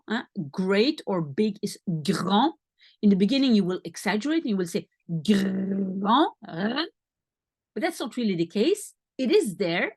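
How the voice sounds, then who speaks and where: A woman's voice: mid-range voice, no room sound. A woman teaching a language lesson, patiently explaining and repeating sounds for her student.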